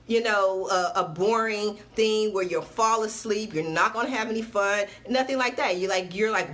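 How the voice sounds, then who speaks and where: A woman's voice: mid-range voice, fairly bright tone. A woman who runs a small TV network, chatting casually to viewers on a livestream; upbeat, she repeats dates for emphasis and is sweating a little. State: sweating, patting herself dry. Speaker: TV network CEO. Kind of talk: casual Facebook Live talk to viewers.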